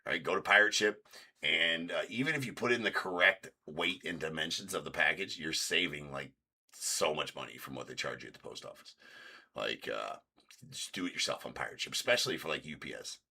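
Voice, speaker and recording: A man's voice: extremely low pitch, a little fast, vocal fry, pushed and bright. A man hosting a card break stream, chatting casually and rambling, acting out past arguments in a raised voice. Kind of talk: casual livestream chat.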